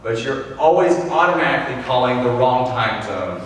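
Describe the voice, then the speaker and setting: A man's voice: medium pitch, lively intonation, normal speed, slight background noise. A young man from Texas doing a rambling, self-amused stand-up comedy set on stage. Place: large hall with a live audience. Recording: echoey hall recording from far off.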